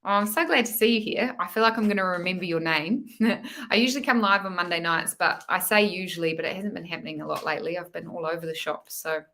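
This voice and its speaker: A woman's voice: lowish voice, bright, forceful tone. A woman hosting a live-stream tarot reading, who chats affectionately with viewers, calls them "my love" and often ends lines with "hey?".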